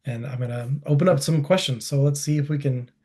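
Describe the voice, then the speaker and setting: Mellow-voiced man giving a webinar talk. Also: medium pitch, a little fast. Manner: relaxed, conversational, frequent fillers. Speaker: presenter. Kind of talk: webinar presentation.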